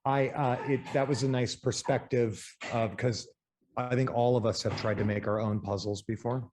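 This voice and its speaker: A man's voice: mid-range voice, fairly even intonation, normal speed, a little mellow, slight background noise. A man co-hosting a podcast in casual chat, joking and swearing freely. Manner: joking, loose and profane. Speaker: podcast co-host.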